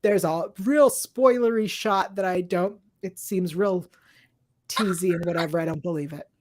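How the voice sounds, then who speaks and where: A woman's voice: fairly low pitch, normal speed, darkish tone. A woman co-hosting a podcast in casual chat, dry and offhand, with casual swearing. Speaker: podcast co-host.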